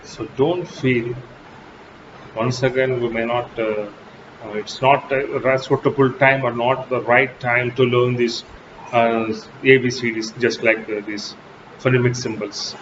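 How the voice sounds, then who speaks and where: Slow and emphatic, a Telugu-speaking man lectures on English in a recorded college class, stressing key words with sudden pitch jumps. The recording sounds dull and lo-fi, with constant background noise.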